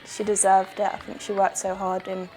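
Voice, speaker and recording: A woman footballer giving a measured interview about her team's matches, with frequent pauses and fillers. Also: mid-range voice, monotone, darkish tone. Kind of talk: post-match interview reflection. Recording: music bed and crowd noise behind.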